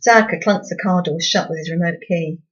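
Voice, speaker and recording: A woman's voice: lowish voice, moderate pace, a bit bright, dull audio. A woman reading her own novel aloud in first-person storybook narration, with a dry, wry tone.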